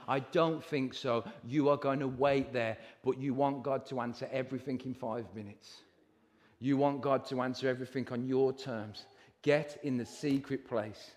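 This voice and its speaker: A man preaching a sermon with passion, his voice climbing toward shouts at its peaks. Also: mid-range voice, steady tone, normal speed. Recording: hall reverb.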